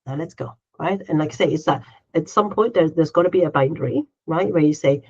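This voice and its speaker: A woman's voice: sits low, fast, breathy edge, highs cut off. Chatty woman podcast co-host saying "right?". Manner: chatty, tags sentences with "right?"; acts out her own inner voice in quotes. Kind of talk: casual chat.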